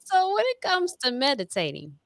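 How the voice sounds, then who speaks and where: A woman's voice: high voice, wildly swooping pitch, normal speed, gravelly, dry recording. Enthusiastic woman host, dry sound. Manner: loose, enthusiastic, swears casually. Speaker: interview host. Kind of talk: casual interview chat.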